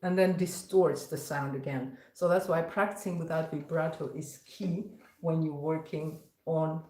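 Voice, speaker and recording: A woman's voice: deep voice, steady tone, a little slow, dark tone. A woman teaching violin in a live-streamed lesson, patiently explaining step by step between passages she plays. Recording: roomy echo, violin playing around speech.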